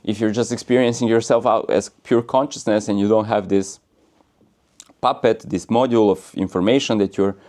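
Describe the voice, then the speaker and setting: A man's voice: lowish voice, steady tone, normal speed, a little mellow. A man giving a casual, rambling spiritual talk in a playful, joking way and laughing often. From United States. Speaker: spiritual speaker.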